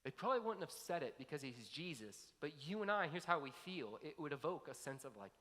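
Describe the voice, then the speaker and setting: Pastor guy preaching, bright highish voice, keeps stacking up lists, long echo in a church hall. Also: sing-song, quick pace. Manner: emphatic, building intensity through long lists. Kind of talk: sermon. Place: church sanctuary.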